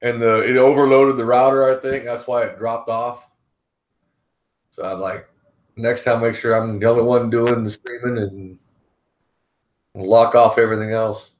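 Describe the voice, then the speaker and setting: A man's voice: medium pitch, flat delivery, normal speed, long pauses, roomy sound. A man hosting a casual stream from his workplace, rambling and restarting his sentences, on a microphone borrowed from his kid. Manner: rambling, self-interrupting. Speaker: streamer host. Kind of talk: casual chat.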